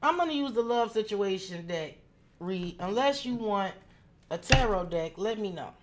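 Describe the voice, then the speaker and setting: A woman tarot reader chatting casually on a live stream, greeting viewers by name and slipping into soft asides. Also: medium pitch, lively intonation, moderate pace, noisy background. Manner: drops into soft asides while fiddling with setup.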